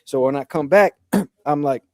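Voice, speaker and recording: A man's voice: on the high side, measured pace, dry recording, clean studio sound. A man hosting a casual spiritual discussion who talks earnestly, giving advice and repeating his points. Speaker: host.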